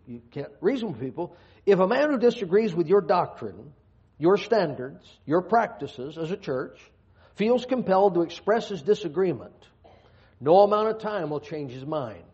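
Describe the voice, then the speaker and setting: Folksy preacher, slightly high voice. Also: male voice, darkish tone. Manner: folksy, joking asides between scripture readings. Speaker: pastor. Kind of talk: sermon. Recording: dull lo-fi sound.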